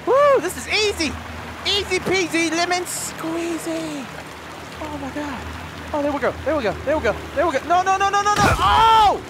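Hoarse high-voiced guy yelling and cussing thru a horror game let's play, game noise behind. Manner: jumpy, yelling and swearing, laughing. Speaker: gaming video host. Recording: game sounds under the voice.

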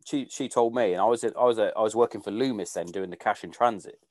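A man's voice: lowish voice, fast talker, a little mellow, slight background noise. A man hosting a podcast in casual conversation, swearing freely and trailing off mid-sentence. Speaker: podcast host.

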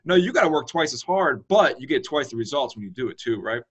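A man's voice: medium pitch, sing-song, fast talker, slightly rough, lo-fi sound. A man co-hosting an education podcast, talking in an upbeat, encouraging way. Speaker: podcast co-host. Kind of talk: casual podcast conversation.

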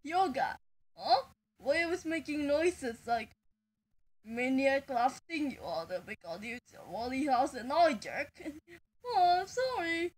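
A woman's voice: sits high, animated, slow. A woman in playful reaction banter, teasing, giggling and swearing. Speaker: fan video maker.

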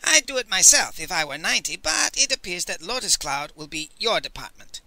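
A man's voice: high-pitched, sing-song, brisk, pushed and bright, no room sound, heavily acted, low-quality recording. A man voicing a wry, scheming old sage who speaks with knowing amusement in an audiobook. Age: older. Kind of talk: audiobook character voice.

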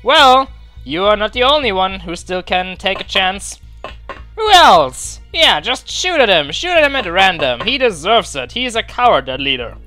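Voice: mid-range voice, sing-song, normal speed, pushed and bright, soft background music. A let's play commentator giving casual, gleeful commentary with a scratchy throat, talking to the soldiers on screen. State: throat acting up, clearing it.

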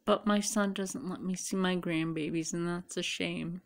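A woman's voice: fairly low pitch, fairly even intonation, moderate pace, creaky. A tired middle-aged woman chatting casually to camera, rambling and musing aloud. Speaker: vlogger. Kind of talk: casual chat.

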